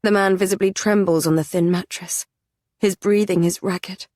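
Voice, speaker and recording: A woman narrating a fantasy audiobook in the first person, measured and even. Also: lowish voice, no echo, clean studio sound.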